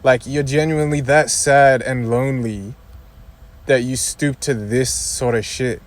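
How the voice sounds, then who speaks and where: A man's voice: mid-range voice, steady tone, a little slow. Exasperated young man ranting. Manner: exasperated, rambling, repeats himself, swears. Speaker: YouTuber. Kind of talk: casual rant to camera.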